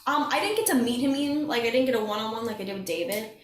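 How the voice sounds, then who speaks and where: Talking very fast in a slightly high voice, a young singing contestant chats on a podcast in an echoey room. She laughs plenty and brings her stories to life by acting out what people told her.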